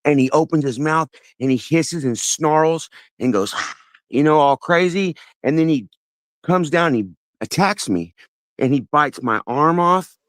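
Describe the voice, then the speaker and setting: A man's voice: on the high side, lively intonation, a little slow, a bit bright, no echo. A man calling in to a talk show, telling a long personal story in an earnest, rambling way with many restarts. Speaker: caller. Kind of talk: casual phone-in storytelling.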